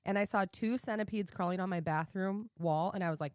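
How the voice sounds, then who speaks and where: A woman in her thirties co-hosting a podcast, telling a story in casual chat, animated and laughing often as she acts out what she said. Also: medium pitch, a little fast, no room sound, clean studio sound. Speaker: podcast co-host.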